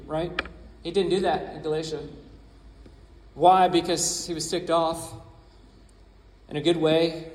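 A man's voice: on the high side, fairly even intonation, normal speed, pauses often, slight background noise. A man preaching a sermon as pastor, emphatic and repeating his key phrases. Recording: echoey hall.

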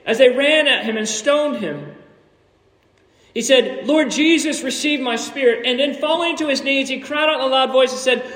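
A high-pitched man preaching a sermon in a church sanctuary. He delivers it animatedly, pushing to near shouts and slipping in quick jokes. The sound carries a long hall echo from some distance off the mic. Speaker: pastor.

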